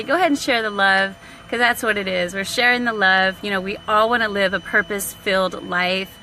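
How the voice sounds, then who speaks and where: A woman talking casually to viewers on a live stream, animated and slangy, acting out what people said and laughing often. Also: a little high, fairly quick, a little hiss or hum, low-quality recording. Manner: animated, slangy, laughs a lot, acts out quotes. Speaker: online business vlogger.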